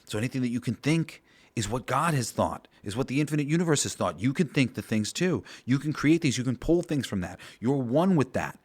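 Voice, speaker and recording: A man's voice: medium pitch, expressive, fairly quick, darkish tone. A man hosting a podcast, talking through an idea in a rambling, casual monologue full of swearing and fillers. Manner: rambling, profane, with many fillers. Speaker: podcast host.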